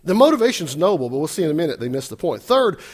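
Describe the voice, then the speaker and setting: A male preacher delivering a sermon, his voice a bit higher than most men's. He talks with a lot of swing in pitch, moving from loud emphatic lines to quiet asides. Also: quick pace. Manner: animated, shifts loud and soft, acts out quotes. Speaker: pastor.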